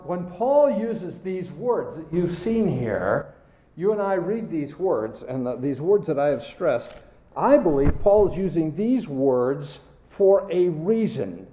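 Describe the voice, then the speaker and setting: A man's voice: a little high, dark tone, echoey room, poor audio. A man preaching a sermon, reading scripture aloud and stressing key words as he goes.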